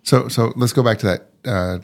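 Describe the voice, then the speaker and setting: A man's voice: medium pitch, moderate pace. A man co-hosting a casual discussion, easygoing and asking questions.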